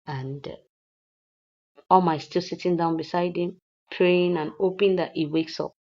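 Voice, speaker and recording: A woman's voice: fairly low pitch, fairly even intonation, normal speed, a little mellow, muffled recording. A woman recapping a drama series in a chatty, casual way, slipping in pidgin asides. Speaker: series reviewer.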